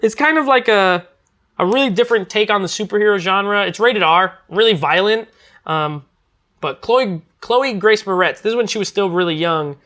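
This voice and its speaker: A man's voice: sits high, normal speed. Casual man rambling about movies. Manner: relaxed, rambling, many fillers and restarts. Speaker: movie reviewer. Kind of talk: casual chat.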